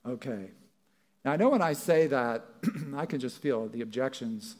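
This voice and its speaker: At normal speed and in a mid-range voice, a male pastor delivers a sermon in church. He talks conversationally, performing the imagined words of others.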